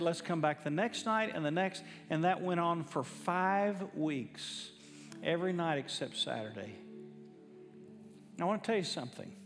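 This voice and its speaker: A high-voiced man preaches in a church sanctuary, telling a story with emphatic, fervent energy. His voice carries a long hall reverb, and soft music plays underneath. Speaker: pastor. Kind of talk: sermon storytelling.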